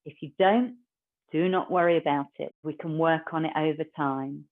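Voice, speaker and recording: A woman, a yoga teacher guiding a class in a calm, gentle, unhurried way. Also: low-pitched. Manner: calm, slow, gentle guidance. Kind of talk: guided yoga instruction. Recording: tinny phone-like recording.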